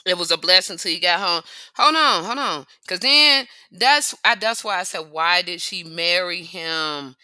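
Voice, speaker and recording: Bright, sarcastic stream reactor. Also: mid-range voice, lively intonation, smooth, no room sound, studio quality. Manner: sarcastic, mocking, quick asides. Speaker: stream host reacting to a clip. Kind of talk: live-stream reaction commentary.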